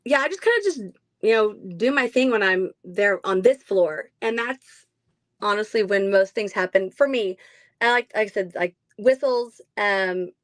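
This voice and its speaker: A woman's voice: medium pitch, dry recording. Woman talking about her haunted house, lots of ums, dry close sound. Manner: chatty, many ums, laughs often. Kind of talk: casual interview.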